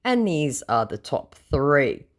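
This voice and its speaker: An Australian woman with a low voice tells a story to camera in a casual way. She is blunt and sarcastic and swears freely. Her pitch rises and falls a great deal. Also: big pitch swings, slow. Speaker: scam-baiting vlogger.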